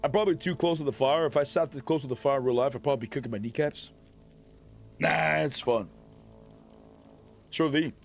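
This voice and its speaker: Male game streamer, casual joking banter, slightly high voice, soft game music behind. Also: a little fast, vocal fry, pauses often. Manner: laid-back, jokey banter. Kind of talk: casual live-stream commentary.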